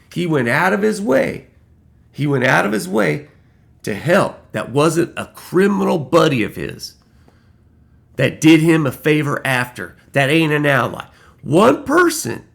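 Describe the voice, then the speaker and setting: Heated vlogger man, gravelly voice, swears freely and hammers points home. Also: a little high, a bit bright. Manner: heated and profane, repeating lines for emphasis. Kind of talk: angry political rant.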